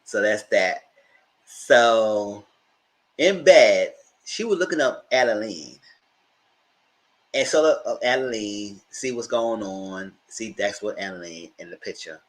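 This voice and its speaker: A man's voice: on the low side, animated, slow. A man hosting a live TV review stream, retelling the plot in a loose, slangy way and putting on voices for the characters he quotes. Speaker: TV review channel host. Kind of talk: casual live TV recap.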